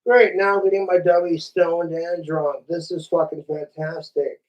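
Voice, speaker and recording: A man's voice: a little high, fairly even intonation, moderate pace, dull audio. A man ranting casually on a livestream, profane and rambling, coughing now and then. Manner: profane, rambling, laid-back. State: coughing from vaping.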